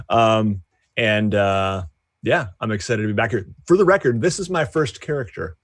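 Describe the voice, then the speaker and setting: Low-voiced man, hesitant player. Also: big pitch swings, a little slow, no echo, studio quality. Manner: hesitant, many fillers. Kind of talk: casual tabletop game chat.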